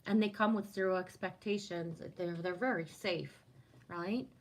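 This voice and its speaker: This livestream host has a fairly low, steady voice and takes her time. Chatting casually, she reads out each viewer comment and responds with warmth, reflecting on spiritual themes and regularly tossing in "right?" to affirm her points.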